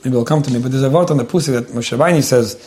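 A man's voice: mid-range voice, racing, a little mellow. A man giving earnest, conversational marriage advice to a couple.

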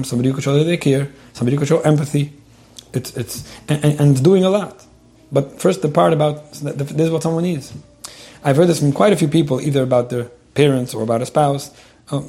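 A man with a dark, medium-pitched voice answers a listener's question in an advice talk. He speaks rapidly, says "um" a lot, and often repeats words as he starts his sentences.

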